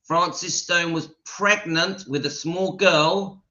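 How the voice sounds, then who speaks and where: A man's voice: on the high side, takes it slowly, pushed and bright, highs cut off. A man hosting a casual livestream, reading viewer comments aloud and giving his opinions emphatically. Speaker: channel host reading live chat.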